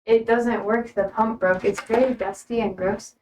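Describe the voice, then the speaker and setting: A woman's voice: fairly high pitch, steady tone, normal speed, darkish tone, recorded from a distance, slight background noise, poor audio. A young woman streaming live, chatting casually with her chat, laughing often and cooing at her dog. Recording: voice from away from the mic.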